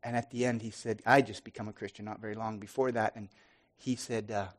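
A man giving an earnest sermon testimony, restarting often and swinging from loud to soft. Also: on the low side, little pitch movement, a little fast, hardly any pauses.

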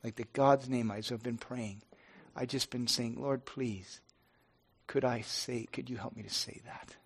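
A middle-aged pastor speaking earnestly and haltingly to his congregation, with many restarts. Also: mid-range voice, steady tone, gravelly, breathy edge. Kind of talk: informal devotional talk to a congregation.

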